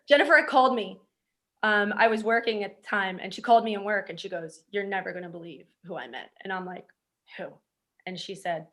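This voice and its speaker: A woman's voice: mid-range voice, a bit bright. Matter-of-fact woman director. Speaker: film director. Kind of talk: casual interview storytelling.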